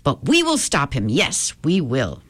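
A woman voicing a freckled magical helper, speaking calmly and reassuringly. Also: low voice, unhurried, slightly rough, full character voice. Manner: calm, reassuring, knowing. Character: freckled magical helper who pops in and out, calm and confident.

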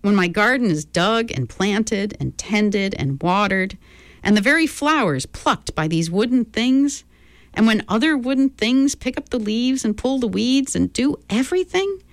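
A woman's voice: on the high side, big pitch swings, no room sound, pitched above the performer's own voice. Mournful gardener, as a woman voices him. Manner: mournful, slow and searching. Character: mournful former gardener, a grown man.

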